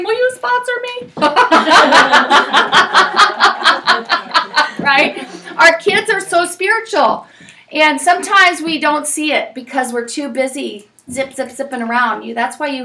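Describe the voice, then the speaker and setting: A woman in her forties leads a parenting class in a classroom. Her voice is high and bright. She talks in a lively, chatty way and tells stories full of fillers and asides. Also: far from the mic, slight background noise. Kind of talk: leading a class discussion.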